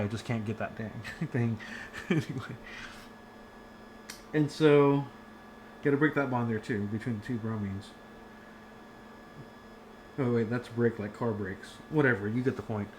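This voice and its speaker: A man's voice: medium pitch, fairly even intonation, measured pace, pauses often, noisy background. A man giving a casual online chemistry lecture from home, chatty and rambling with many fillers and restarts.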